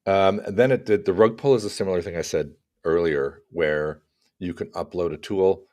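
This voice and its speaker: A man co-hosting a casual tech podcast, talking through examples in an animated way with acted-out asides. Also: deep voice, normal speed. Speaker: podcast co-host.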